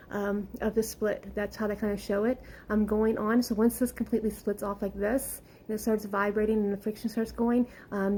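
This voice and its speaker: A woman's voice: fairly high pitch, mellow, a little hiss or hum, rough recording. A woman giving an earnest, rambling spiritual talk, full of fillers and at times close to tears. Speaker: spiritual channel.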